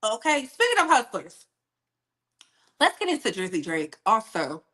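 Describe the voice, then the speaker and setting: Female gossip streamer with a high, bright voice; animated, chatty, laughs a lot. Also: unhurried. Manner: animated, laughs often, talks straight to her chat. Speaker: gossip livestream host. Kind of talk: casual livestream gossip chat.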